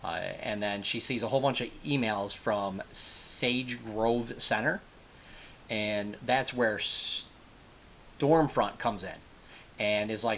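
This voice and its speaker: A man's voice: on the low side, slow pace, creaky, a bit bright, a little hiss or hum. A man giving a casual, rambling spoken recap of a TV episode, often backtracking to correct himself. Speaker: TV episode reviewer.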